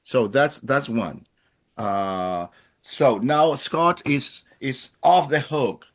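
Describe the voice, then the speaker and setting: A man teaching a beginner Spanish class, explaining patiently and slowly with frequent hesitations. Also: medium pitch, animated. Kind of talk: classroom language lesson.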